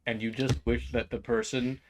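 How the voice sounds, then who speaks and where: A man co-hosting a casual comedy podcast, animated and swearing a lot, acting out little skits with quoted voices. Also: medium pitch, normal speed, slight background noise. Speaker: podcast co-host.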